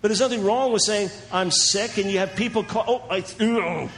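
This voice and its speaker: A man preaching in a sermon-style teaching talk, animated and chuckling, acting out the voices of the people he quotes. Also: sits high, fairly quick, a little hiss or hum.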